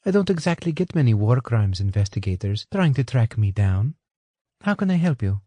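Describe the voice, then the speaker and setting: A man's voice: mid-range voice, very animated, normal speed, warm tone, dry recording, voice pushed up. A man voicing a wary young Englishwoman with an English accent who speaks in a guarded, sardonic way in a storybook. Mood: guarded, wry.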